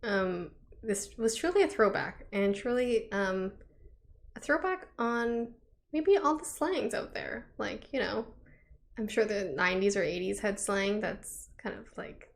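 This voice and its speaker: A woman with a gravelly, vocal-fry edge chats playfully as a podcast co-host, tossing in quick quips. Her pitch sits in a middle range and she keeps things light and loose. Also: expressive. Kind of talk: casual chat.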